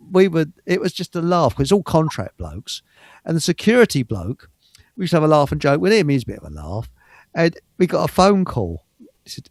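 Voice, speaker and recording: A man's voice: a little high, darkish tone, no echo. An older man, host of a live stream, telling stories in a rambling, stammering way and chuckling often. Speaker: show host. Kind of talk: casual storytelling on a live stream.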